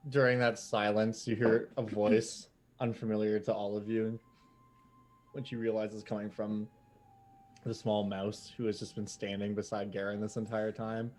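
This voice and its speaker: Relaxed man narrating as game master. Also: on the low side, normal speed. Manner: relaxed, filler-heavy narration.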